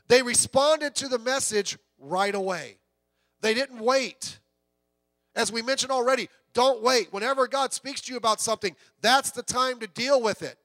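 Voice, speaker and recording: High-voiced male pastor preaching conversationally. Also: fairly bright tone, no echo. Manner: conversational preaching with asides and rhetorical questions. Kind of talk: sermon.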